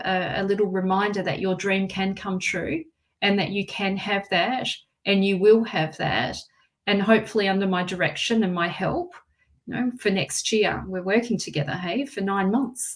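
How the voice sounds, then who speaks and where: Soft-spoken woman reading tarot. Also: medium pitch. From Australia. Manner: soft, reassuring, repeats phrases. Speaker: tarot reader.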